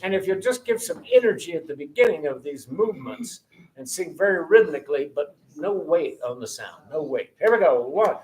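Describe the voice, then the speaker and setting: A man directing a choir rehearsal, counting in, giving brisk notes and singing phrases to demonstrate. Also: fairly high pitch, expressive, poor audio. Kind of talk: rehearsal coaching. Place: rehearsal room with a choir and piano. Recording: loud piano and choir behind. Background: choir singing with piano.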